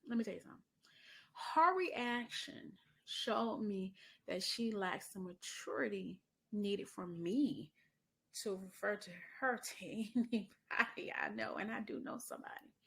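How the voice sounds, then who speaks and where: A middle-aged woman hosting a podcast, telling a story in a chatty way, calling her listener honey and dropping into soft asides. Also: mid-range voice, animated, measured pace, gravelly. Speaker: podcast host. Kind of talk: casual podcast monologue.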